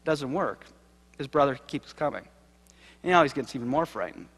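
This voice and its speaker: A man giving a sermon-style keynote, telling a story with acted quotes and swinging from loud to hushed. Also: medium pitch, animated, moderate pace. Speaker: keynote speaker. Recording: live lecture hall reverb.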